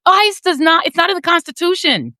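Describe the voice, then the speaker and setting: A woman's voice: big pitch swings, brisk, bright, forceful tone, no echo, studio quality. A woman in her fifties giving emphatic, sardonic political commentary as a panel guest. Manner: emphatic, sardonic, swings between high and low.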